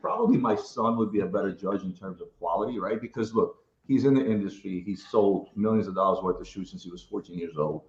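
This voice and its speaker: Man from ukraine, middle-aged, rapid emphatic talk, low voice, roomy dull recording. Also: darkish tone, slight background noise. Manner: fast, emphatic, keeps adding "right?". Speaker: interviewee, sneaker collector. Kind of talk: casual interview.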